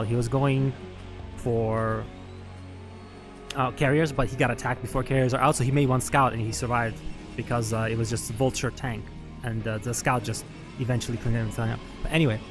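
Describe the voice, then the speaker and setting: A man's voice: medium pitch, steady tone, normal speed, over music. A man commentating a strategy game match at a live event, chatty and analytical with frequent laughs and fillers. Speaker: esports commentator. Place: venue at a LAN event.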